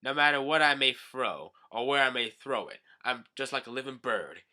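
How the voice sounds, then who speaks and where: Creepy stalker pirate voiced by a man, gloating, sharp bright tone. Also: mid-range voice, animated, moderate pace.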